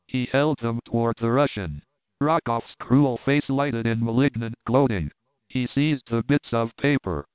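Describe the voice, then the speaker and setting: A man reading an adventure novel aloud in steady, measured narration. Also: mid-range voice, no echo. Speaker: audiobook narrator. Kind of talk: scripted narration. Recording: crisp, dry, phone-like narrow sound.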